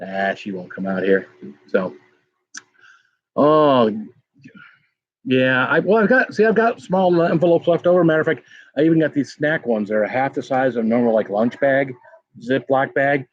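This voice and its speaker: A man's voice: mid-range voice, lively intonation, moderate pace, long pauses. A man hosting a casual pepper-tasting livestream, rambling and greeting viewers in chat by name. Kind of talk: casual live-stream chat. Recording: dull lo-fi sound.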